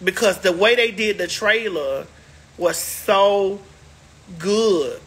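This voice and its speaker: A woman's voice: medium pitch, expressive, slow, breathy edge. A woman hosting a casual livestream, chatting to viewers in a sassy, emphatic way, stretching words out for effect. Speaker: livestream host.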